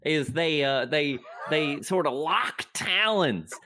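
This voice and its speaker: A man's voice: fairly high pitch, expressive, slow, pushed and bright. A man playing a tabletop role-playing game, speaking in character with a rambling, drawling, tall-tale delivery. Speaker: player.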